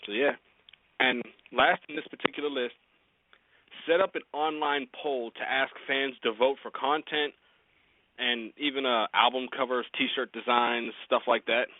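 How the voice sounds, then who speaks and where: A man's voice: medium pitch, steady tone, a little slow, no echo, phone-quality sound. A man hosting a casual talk show, giving joking, rambling advice on promoting music, often laughing. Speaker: podcast host.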